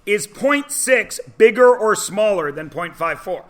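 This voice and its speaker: A man teaching a math class in a classroom, chatty and teasing, often checking in with quick questions. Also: high voice, lively intonation. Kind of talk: classroom lesson.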